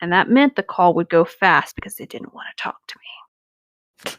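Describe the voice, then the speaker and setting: A woman's voice: on the low side, lively intonation, moderate pace, a bit bright. A woman hosting a casual podcast chat, blunt and swearing freely. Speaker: creepypasta reader and podcast host.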